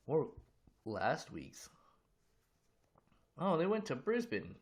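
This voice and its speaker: A man's voice: fairly high pitch, huge pitch swings, slow pace. A man live streaming, chatting offhandedly to viewers while gaming. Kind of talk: casual live-stream chat.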